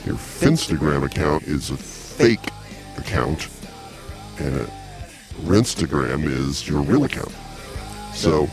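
A man's voice: a bass voice, sing-song, slow, long pauses, music in the background. A man hosting a podcast in a loose, joking chat, laughing often. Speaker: podcast host. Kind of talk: casual chat.

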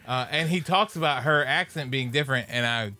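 A man co-hosting a podcast in casual, animated, laughing banter. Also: medium pitch, a little fast, no room sound, faint music behind. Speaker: podcast co-host. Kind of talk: casual chat.

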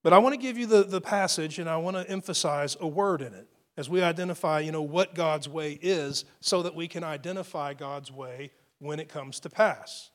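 High-voiced earnest male preacher. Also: normal speed, few pauses. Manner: earnest, with rising emphatic swells and soft asides. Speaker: pastor. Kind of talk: sermon.

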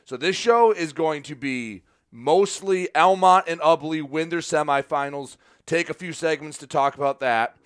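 A man's voice: fairly high pitch, fairly bright tone, clean tone, no echo, clean studio sound. A man co-hosting a casual sports podcast, chatting and laying out the show schedule. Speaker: podcast co-host.

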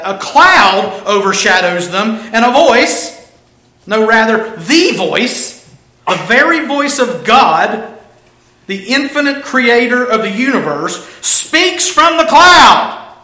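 A man's voice: high-pitched, sharp tone. A man preaching a casual, humorous sermon, telling the story animatedly and acting out the characters. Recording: roomy echo.

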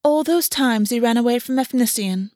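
A woman's voice: on the high side, moderate pace, darkish tone, no echo, natural voice. Cruel fae queen mother, silky and sweetly menacing, dry sound, put on by a woman.

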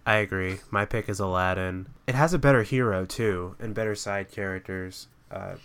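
A man with a smooth, resonant, fairly low voice talks through his picks in easy podcast chat. He sounds relaxed and opinionated, and his sentences often fade off softly at the end. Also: moderate pace. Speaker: podcast co-host. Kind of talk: casual chat.

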